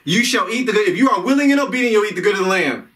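A man's voice: high-pitched, animated, very fast, fairly bright tone, far from the mic. A man preaching an informal sermon, rambling, repeating himself and restarting his sentences.

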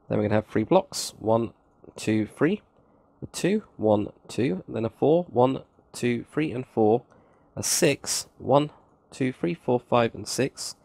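Brief: male tutorial host, gravelly voice, dry close sound, chatty and self-mocking. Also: mid-range voice, animated, slow pace, a little mellow, no room sound. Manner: counts blocks aloud, chatty asides, self-mocking. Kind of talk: casual screen-recorded building tutorial.

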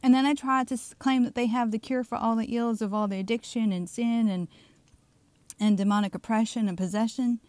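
A woman's voice: fairly high pitch, fairly even intonation, normal speed, a little mellow, no echo. A middle-aged woman with a Southern US accent, preaching in a fired-up, emphatic online commentary that keeps checking in with "okay?". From Southern United States. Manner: fired up and insistent. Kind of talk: fiery religious commentary video.

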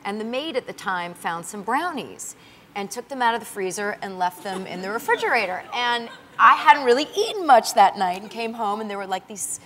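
A woman's voice: medium pitch, a little fast. A woman with a New York accent, a talk show guest chatting casually and acting out quotes as she tells stories. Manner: animated storyteller, acts out quotes. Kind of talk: casual chat. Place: TV studio with audience. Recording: studio audience and noise.

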